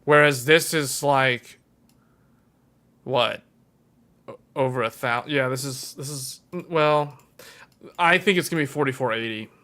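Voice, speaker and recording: A man's voice: mid-range voice, a little slow, long pauses, bright, forceful tone. A man hosting a tech livestream, casually thinking aloud and correcting himself as he goes.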